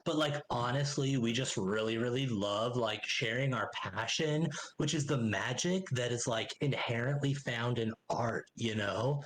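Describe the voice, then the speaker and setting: A man's voice: mid-range voice, measured pace, few pauses, a bit bright, slight background noise, lightly acted. A man voicing an eager, rambling halfling teacher at a bard college.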